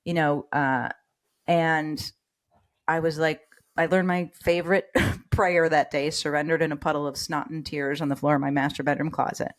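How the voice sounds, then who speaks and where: A middle-aged woman, a nurse and educator, telling her personal story as a podcast guest, animated and acting out quoted voices. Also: low voice, moderate pace.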